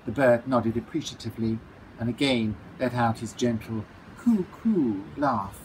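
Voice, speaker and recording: A man, the author, reading his children's book aloud with a playful, lively storytelling manner. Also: mid-range voice, measured pace, a little hiss or hum, poor audio.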